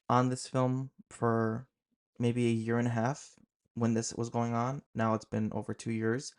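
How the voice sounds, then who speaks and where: A young man tells a creepy personal story to his vlog audience. His voice sits at an ordinary middle pitch, and he leans into the drama. He talks loosely, full of "like" and quick asides. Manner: animated, fillers of "like", dramatic retelling. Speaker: horror storyteller host.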